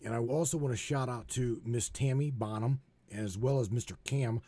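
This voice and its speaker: A man hosting a live stream in casual chat, talking in a hesitant, halting way with frequent restarts. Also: medium pitch, dark tone.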